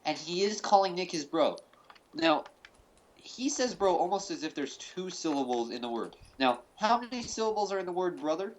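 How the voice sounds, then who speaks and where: A man's voice: sits high, expressive, moderate pace, a little hiss or hum, rough recording. Rambling man giving a mock-serious theory. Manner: rambling, full of fillers and restarts. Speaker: host. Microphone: call recording.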